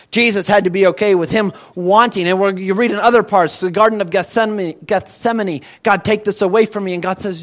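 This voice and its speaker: A man preaching a sermon as pastor, emphatic and conversational, asking the congregation questions and swinging between loud and quiet. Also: high-pitched, steady tone, brisk.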